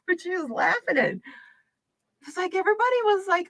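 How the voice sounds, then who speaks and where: Woman, middle-aged, from the US, bright voice, dry close sound, lively storytelling with lots of laughs. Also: extremely high pitch, a little fast, creaky, pauses often, no room sound. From United States. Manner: animated, laughs often, acts out voices in her stories. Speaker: livestream card reader host. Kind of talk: casual storytelling chat.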